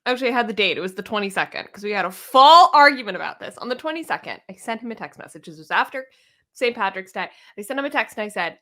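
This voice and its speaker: A young woman co-hosting a morning show, telling a story in an animated, chatty way and laughing often. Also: medium pitch, fast. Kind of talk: casual chat.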